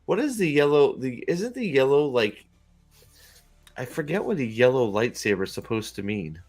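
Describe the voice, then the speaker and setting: A man's voice: medium pitch, big pitch swings, moderate pace, a little mellow, faint music behind. A man hosting casual reaction commentary on video clips, rambling and joking crudely. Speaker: host.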